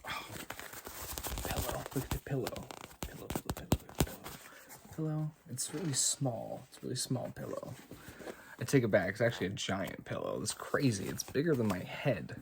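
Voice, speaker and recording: An American man chatting casually and softly for an ASMR video, rambling and laughing at himself, recorded on a phone in a home studio. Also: mid-range voice, big pitch swings, moderate pace, creaky, very noisy. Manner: rambling, self-amused, laughs often. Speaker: ASMR creator. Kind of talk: casual ASMR chat with soft whispering. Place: home studio with haze and lights. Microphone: phone on a gimbal.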